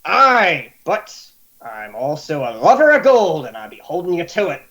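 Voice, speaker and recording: A man voicing a gruff, gravelly old pirate captain who barks his orders. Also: fairly high pitch, huge pitch swings, moderate pace, pushed and bright, exaggerated voice. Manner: gravelly, barking.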